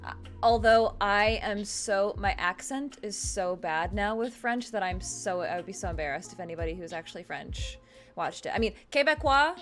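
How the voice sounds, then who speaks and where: A woman from Michigan in casual chat, halting with many restarts and trailing phrases. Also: medium pitch, lively intonation, a bit bright, soft background music. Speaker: co-host.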